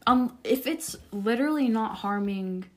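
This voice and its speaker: A woman's voice: a little high, animated, unhurried. A young woman co-hosting a casual podcast, speaking hesitantly with many fillers and often trailing off. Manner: hesitant, full of likes and ums, trails off. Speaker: podcast co-host. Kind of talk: casual chat.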